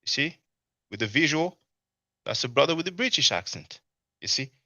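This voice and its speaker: Scornful guy reacting to a stream n reading chat, sharp voice, dry lo-fi sound. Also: fairly high pitch, animated, moderate pace, no room sound. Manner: scornful, mocking, repeats "you see?". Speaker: commentator reacting to a live stream. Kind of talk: casual commentary with chat reading. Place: abroad in Europe.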